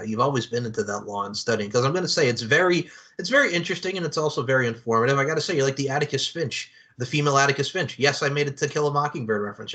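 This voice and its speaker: A man hosting a casual podcast chat, rattling along at a quick clip. His talk is slangy and excitable, full of little fillers and asides. His voice sits at a middling pitch. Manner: slangy and excitable, peppered with "man" and "you know what I'm saying". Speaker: podcast host.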